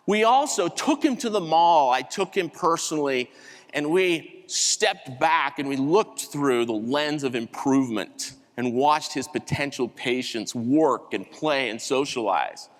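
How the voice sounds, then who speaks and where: A man giving a keynote talk, telling a story in an animated way and acting out the voices of the people in it. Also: mid-range voice, unhurried. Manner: animated storyteller, acts out quotes. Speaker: keynote speaker. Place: large conference hall. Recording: hall reverb.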